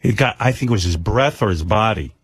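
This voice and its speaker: A man's voice: fairly low pitch, animated, brisk, husky, no echo. A man hosting a radio show, telling rambling self-mocking stories with lots of restarts. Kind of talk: casual radio talk.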